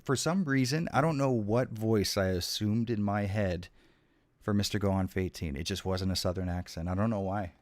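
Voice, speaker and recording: A man's voice: lowish voice, normal speed, no echo. A young man streaming a horror game, swearing and trash-talking the enemies as he plays. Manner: profane, excitable, jokey trash talk at the game. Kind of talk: live gameplay commentary.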